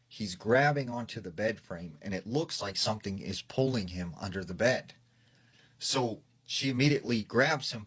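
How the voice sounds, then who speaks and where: A man's voice: fairly low pitch, a bit bright. A man retelling a creepy story in a loose, casual way, full of "like" and "you know". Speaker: narrator of a scary story.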